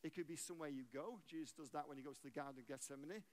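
Guest preacher, a man with a high voice, conversational and playful with the congregation. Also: rapid-fire, darkish tone. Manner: conversational, jokey, asks the audience questions. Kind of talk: sermon.

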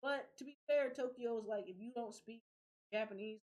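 Young adult woman, high voice, podcast host, animated, profane, casual chat. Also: normal speed. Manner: animated, profane, laughs often.

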